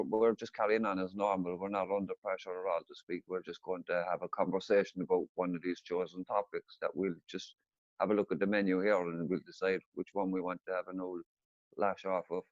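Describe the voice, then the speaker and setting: Deep-voiced guy rambling on a video call, dry muffled audio. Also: no room sound. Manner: relaxed, rambling, repeats himself. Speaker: meeting participant. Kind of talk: casual group video call.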